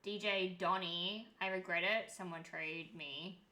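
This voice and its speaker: A woman's voice: on the low side, fairly even intonation, unhurried, sharp tone. A young woman streaming a game, chatting in a rambling way and swearing freely. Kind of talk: casual chat while gaming.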